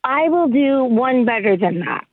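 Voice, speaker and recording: A woman calling into a radio show, defensive and insistent. Her voice is high. The line is tinny and phone-like. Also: animated, unhurried, a crowd in the background. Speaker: caller. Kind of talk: radio call-in chat.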